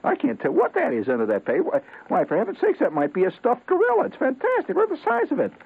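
A man doing a shrill, gushing woman. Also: wildly swooping pitch, fast talker, vocal fry, slightly rough, full character voice. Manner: shrill squealing falsetto. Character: gushing excitable woman opening a huge present. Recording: tinny lo-fi radio broadcast.

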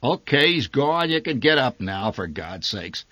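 A man voicing a gruff, irritable father who bellows and curses scornfully at his family from the driver's seat, in a spoken story reading. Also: low-pitched, normal speed, pushed and bright, dry recording, pitched below the performer's own voice, full character voice. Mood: grumbling.

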